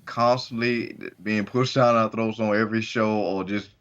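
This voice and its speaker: A man's voice: lowish voice, steady tone, moderate pace, a bit bright. A man co-hosting a wrestling podcast in casual chat, rambling and restarting often as he works through his points. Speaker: podcast co-host. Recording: dull lo-fi recording.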